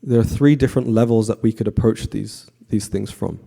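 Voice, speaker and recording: A man giving a conversational devotional class to a temple audience, often asking the audience questions and pausing with fillers. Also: lowish voice, vocal fry. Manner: frequent fillers and restarts, relaxed.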